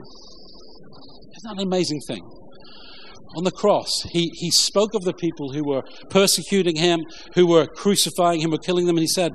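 Male pastor, informal sermon delivery, halting with plenty of ums, quick jokes, slightly raised pitch, faint room hum behind. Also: huge pitch swings. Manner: informal, halting, many fillers, jokey asides. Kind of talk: conversational sermon with scripture reading.

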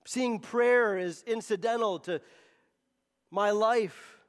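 High-voiced pastor preaching in a hall. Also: male voice, takes it slowly. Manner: emphatic, repeats words when pressing a point. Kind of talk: sermon.

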